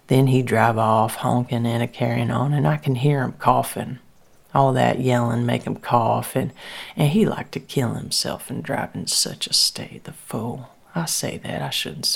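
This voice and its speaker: A woman's voice: extremely low pitch, fairly even intonation, normal speed, creaky. A woman telling a rambling first-person story, often dropping into whispers. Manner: folksy, rambling, drops to whispers. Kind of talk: dramatic first-person monologue.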